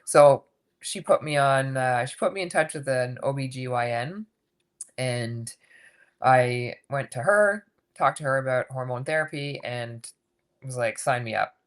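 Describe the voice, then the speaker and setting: Candid low-voiced woman in her fifties. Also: a little slow. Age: 50s. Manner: candid, animated, swears casually. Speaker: podcast guest, coach. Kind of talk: casual interview storytelling.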